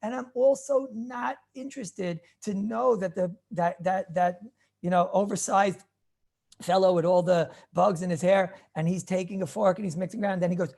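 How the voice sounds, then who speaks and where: A rabbi with a gravelly, husky voice teaches a casual class on Jewish law. He rambles and circles back on his words. His English is peppered with Hebrew and Yiddish terms. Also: sits high, steady tone, moderate pace, a little mellow. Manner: rambling, repeats words and restarts phrases.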